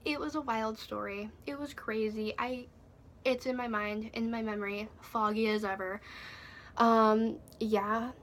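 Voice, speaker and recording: A woman's voice: fairly high pitch, steady tone, measured pace, slight background noise. A young woman telling a storytime vlog, breathless and swearing, with "like" in nearly every line. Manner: breathless, swearing, heavy use of "like". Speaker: vlogger.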